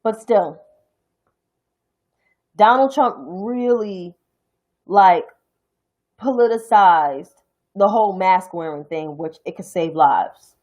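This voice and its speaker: A woman's voice: mid-range voice, slow, pauses often, a little mellow, rough recording. A young adult woman from New York City with a New York accent, giving a blunt, profane, heated political rant on her own stream. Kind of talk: ranting political commentary.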